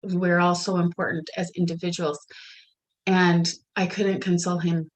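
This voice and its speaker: A middle-aged woman with a lowish voice chats casually at a normal speed, telling family stories with animation, often putting on quoted voices and laughing. The recording quality is poor.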